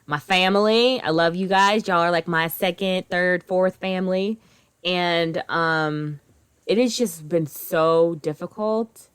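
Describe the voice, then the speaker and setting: A woman in her thirties co-hosting a podcast, talking in a loose, chatty way. Her voice sits a little low, and she is expressive and swears freely, getting louder and then quieter as she goes. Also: slow pace, clear, resonant tone. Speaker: podcast co-host. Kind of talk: casual chat.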